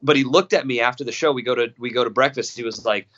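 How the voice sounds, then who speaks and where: A man's voice: mid-range voice, animated, fast, few pauses, a bit bright. A young man telling a personal story in casual podcast talk, swearing often and restarting sentences, with a slightly dull sound. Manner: profane, emphatic, many restarts and repetitions.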